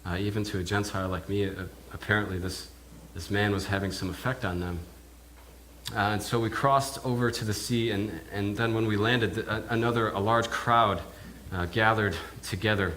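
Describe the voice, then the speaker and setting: Halting low-voiced minister in character. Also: male voice, steady tone, a bit bright, slight background noise. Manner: halting, often repeats words as he goes. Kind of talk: first-person character monologue sermon. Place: church.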